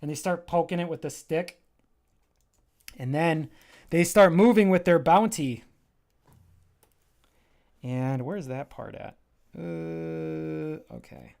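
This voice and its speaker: On a casual livestream, a man enthusiastically walks through his graphic novel, rambling and often breaking off mid-thought. His voice is fairly high, slow, and gravelly, with a darkish tone and long pauses.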